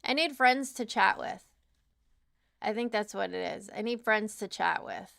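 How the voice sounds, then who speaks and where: Young woman on a morning livestream, tired, gravelly voice, laughs and swears a lot. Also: medium pitch, unhurried, fairly bright tone, no echo, clean studio sound. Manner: chatty, laughing, swears casually. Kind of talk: casual livestream chat.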